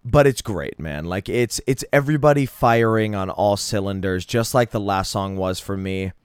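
A man's voice: lowish voice, normal speed, clear, resonant tone, no room sound, clean studio sound. A man hosting a solo podcast, talking casually and enthusiastically about songs he loves, rambling and swearing freely. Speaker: podcast host. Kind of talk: casual solo music review.

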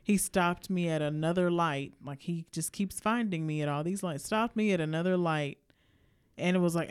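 Smooth-voiced woman telling a profane story. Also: fairly low pitch, normal speed, no echo, clean studio sound. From Alabama. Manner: animated, profane storytelling that acts out the other people's lines. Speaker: podcast co-host. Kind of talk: casual podcast storytelling. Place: indoor podcast studio.

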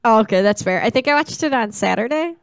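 A woman's voice: a little high, expressive, fast, vocal fry, clear, resonant tone, no echo. A woman co-hosting a podcast in casual chat, gushing and playful. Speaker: podcast co-host.

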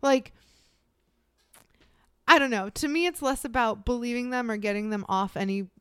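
A woman's voice: a little high, moderate pace, a bit bright, clear, resonant tone, no room sound, clean studio sound. A young woman co-hosting a casual podcast, talking bluntly and animatedly with frequent swearing. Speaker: podcast co-host. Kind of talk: casual chat.

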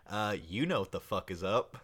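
Joking male podcast co-host, bright, lively pitch, casual and crude. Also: moderate pace. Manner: joking, swears a lot, laughs often. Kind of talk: casual chat.

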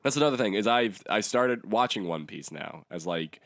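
A man's voice: on the low side, expressive, moderate pace, fairly bright tone, dry recording, clean studio sound. A young man co-hosting a podcast, chatting casually and rambling, laughing often and swearing. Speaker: podcast co-host. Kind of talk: casual chat about manga.

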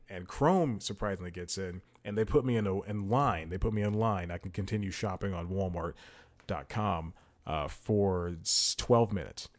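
A young man hosting a podcast in casual solo chat, rambling with restarts and chuckling as he tells a story into a home podcast mic. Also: on the low side. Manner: rambling, many restarts and self-corrections; chuckles while telling stories. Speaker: podcast host.

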